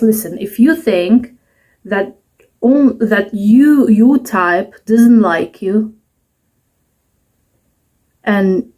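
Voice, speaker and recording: Slow-talking woman in her twenties rambling. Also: mid-range voice, a little mellow. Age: 20s. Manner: rambling, self-mocking, chatty. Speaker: vlogger. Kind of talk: casual talking-to-camera vlog. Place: at home at night.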